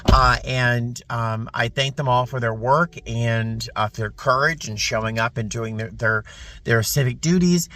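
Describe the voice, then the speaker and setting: A man's voice: mid-range voice, sharp tone. Emotional man vlogging from his car. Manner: emotional, halting, many restarts. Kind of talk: casual vlog to camera. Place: in a parked car.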